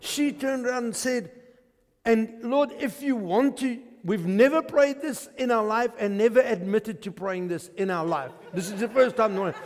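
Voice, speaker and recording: A man with a South African accent preaching a testimony sermon, an animated storyteller who swings from hushed to shouting. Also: sits high, unhurried, long reverb tail. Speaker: pastor. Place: church.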